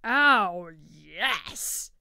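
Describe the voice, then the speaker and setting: A woman voicing a greedy, boastful male turkey in a children's story, talking loudly and cheekily. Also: on the high side, animated, very slow, clear, resonant tone, no room sound, studio quality, exaggerated voice. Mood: eager. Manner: loud, brash and cheeky. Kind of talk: storybook character reading.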